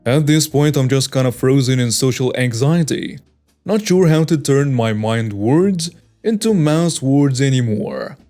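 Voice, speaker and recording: A man's voice: medium pitch, expressive, unhurried, dark tone, faint music behind. Man steadily reading stories aloud. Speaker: story narrator.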